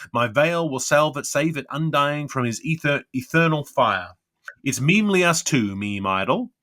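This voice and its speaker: A man giving an unrehearsed, expressive reading of dense literary prose, with a lilting delivery and occasional stumbles over words. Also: mid-range voice. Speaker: reader.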